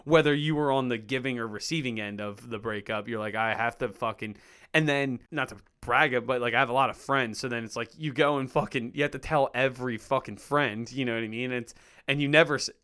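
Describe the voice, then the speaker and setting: A man's voice: mid-range voice, a little fast, clear, resonant tone. A young man co-hosting a casual podcast chat, swearing a lot and acting out what other people say. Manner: profane, animated, acts out quoted voices. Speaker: podcast co-host.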